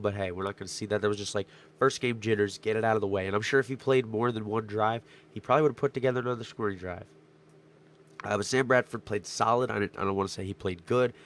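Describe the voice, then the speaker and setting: A young man with a stuffed-up nose, his voice strained from yelling, rambling excitedly through a casual sports recap vlog. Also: fairly low pitch, a little hiss or hum. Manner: rambling, excitable, many fillers. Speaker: sports vlogger.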